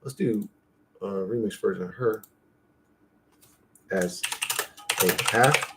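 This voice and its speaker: Over a noisy background, a channel host speaks slowly in a lowish voice, rambling loosely and profanely to himself. He's at his computer, clicking through an image generator as he chats casually.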